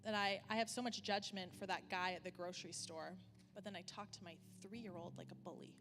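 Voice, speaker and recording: A woman in her thirties preaches in a church hall, telling a candid story in a conversational way. Her voice rings out with a long hall reverb, and music plays clearly underneath. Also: lowish voice, fairly even intonation. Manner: candid, conversational, many fillers, slows for emphasis. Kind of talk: sermon with personal story.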